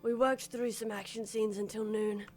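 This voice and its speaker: A woman's voice: a little high, fairly even intonation, moderate pace, darkish tone, soft background music, lightly acted. Woman doing a meek hulking action star. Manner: meek, apologetic. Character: big timid male action-show actor.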